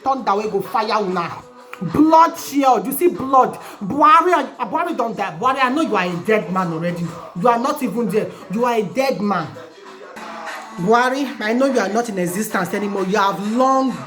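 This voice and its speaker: A woman's voice: on the high side, animated, normal speed, fairly bright tone. A Nigerian woman living in Italy, ranting angrily and chanting slogans over and over in a protest vlog. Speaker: vlogger. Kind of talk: angry protest rant. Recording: echoey room with music playing.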